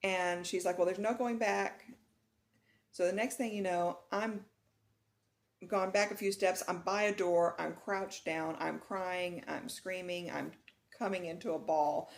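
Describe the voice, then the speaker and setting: A middle-aged woman from Texas chatting casually in a vlog, retelling a nightmare with laughs and animated swings. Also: lowish voice, a little slow, creaky. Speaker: vlogger.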